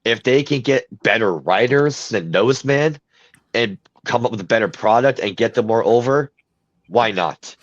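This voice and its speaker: A podcast host speaks in a medium-pitched voice at a moderate pace, reading news items aloud and offering blunt opinions in casual chat. He sounds opinionated, uses a few fillers, and the dry, dull lo-fi recording has no echo.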